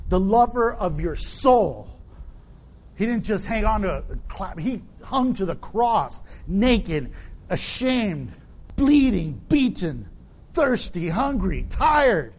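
A middle-aged male pastor preaching a sermon, animated and acting out the people in his stories. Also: takes it slowly, pauses often. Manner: animated preaching, acts out quoted people in a high shout.

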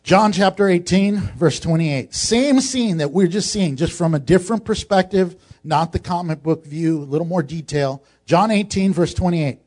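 Man, pastor, sermon, humorous, conversational, high voice. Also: moderate pace, few pauses, a little mellow. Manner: humorous, conversational, acts out scenes.

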